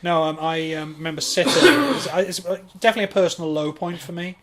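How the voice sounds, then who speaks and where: A man co-hosting a comedy podcast, rambling and self-mocking with halting ums. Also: high-pitched, heavy background noise. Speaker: podcast co-host. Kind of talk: casual comedy chat.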